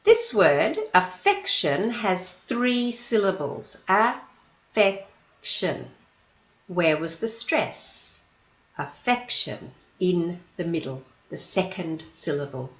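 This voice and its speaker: A woman teacher walks learners through an English lesson at a slow, deliberate pace, her pitch rising and falling in a lively way as she patiently stresses each syllable. The recording has a roomy echo and a slightly dull, muffled tone.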